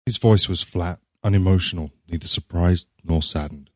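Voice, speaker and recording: A man narrating a short story in a measured, scripted reading. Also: low voice, no echo, clean studio sound.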